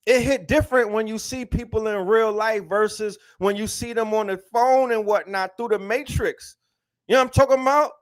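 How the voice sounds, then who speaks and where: A man's voice: very high voice, moderate pace, fairly bright tone. A man hosting an online talk, speaking emphatically with slang and lots of repetition. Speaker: host. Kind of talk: animated lecture-style talk.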